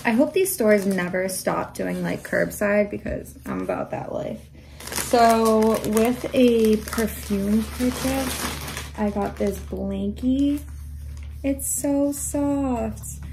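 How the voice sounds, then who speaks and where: Young woman, casual haul vlog, chatty, enthusiastic, soft faint background noise. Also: medium pitch, takes it slowly, creaky. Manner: chatty and enthusiastic, often drops to a whisper. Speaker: vlogger.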